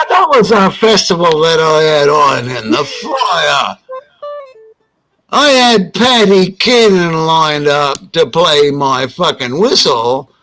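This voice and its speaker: A man's voice: a little high, bright, forceful tone, low-quality recording. A man on a podcast telling a rambling, profane story and acting out the quotes. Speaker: podcast co-host. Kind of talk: casual chat, telling a story.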